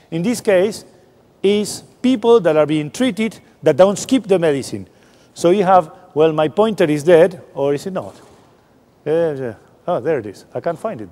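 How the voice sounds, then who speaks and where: A man's voice: fairly high pitch, animated, moderate pace, mellow. A man giving a science festival talk, explaining informally and thinking aloud as he goes. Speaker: lecturer. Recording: long hall reverb.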